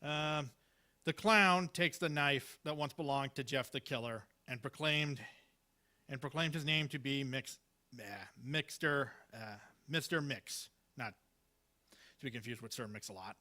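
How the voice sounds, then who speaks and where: A man's voice: medium pitch, measured pace, pushed and bright. A man performing at an open mic, reading Halloween one-liners in a hesitant, rambling way full of fillers and restarts. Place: small live venue.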